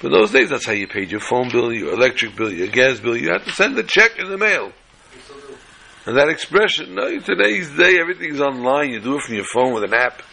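In this casual storytelling talk, a man shares folksy tales and jokes, sprinkling in Yiddish and Hebrew and quickly voicing each character's lines. His mid-range voice swings widely in pitch, with vocal fry and a sharp tone. The recording is rough, with slight background noise.

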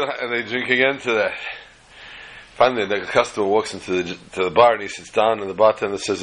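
A man's voice: lowish voice, fairly even intonation, a little fast, fairly bright tone, low-quality recording. Male rabbi, casual storyteller giving a Torah class with jokes. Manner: chatty storyteller, acts out jokes. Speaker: rabbi teaching a weekly class.

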